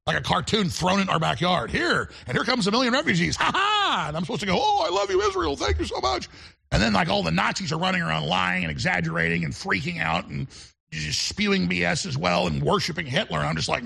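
A man's voice: a little high, vocal fry, bright, forceful tone, breathy edge. A man hosting a talk radio show, delivering a rambling, emphatic monologue full of repeated restarts. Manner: emphatic and combative.

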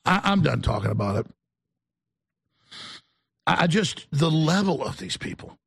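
A man hosting a talk show, ranting to viewers in a combative, mocking way, breaking into shouts and stammering restarts when worked up. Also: a little high, sing-song, unhurried, gravelly, slightly rough.

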